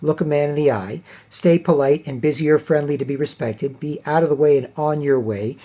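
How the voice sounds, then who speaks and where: A man with a fairly high, mellow voice talks fairly quickly in a muffled recording. As a commentator giving a casual monologue, he stays emphatic, circles back to the same points, and acts out what people said.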